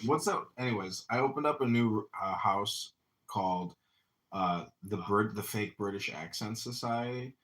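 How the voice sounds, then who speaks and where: A man speaking as a guest in an audio chat room, making an opinionated argument in quick bursts. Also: fairly low pitch, a bit bright, low-quality recording.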